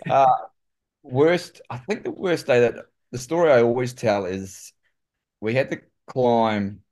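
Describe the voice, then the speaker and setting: A man with a New Zealand accent, a guest telling lively stories in casual conversation and saying "mate" often. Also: medium pitch, a little slow. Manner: animated, says "mate" often. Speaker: guest, former pro cyclist. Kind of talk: casual storytelling.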